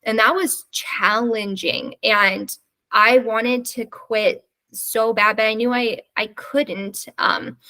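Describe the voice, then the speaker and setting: A woman's voice: on the high side, steady tone, takes it slowly, pushed and bright, rough recording. A woman hosting a podcast who talks candidly and rambles, sometimes losing her train of thought. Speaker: podcast host. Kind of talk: casual interview chat.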